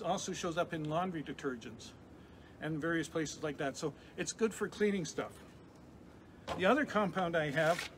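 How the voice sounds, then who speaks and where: A middle-aged man with a fairly high voice runs a lively live science demonstration for kids, chatting as he works and restarting his sentences. He is a chemistry professor. A steady noisy hiss sits under the recording.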